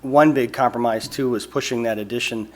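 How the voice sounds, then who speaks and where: A man's voice: medium pitch, steady tone, brisk. A man, an architect, speaking in public comment at a city meeting, casual and conversational, often adding "right.". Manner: conversational, keeps saying "right". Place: council meeting room.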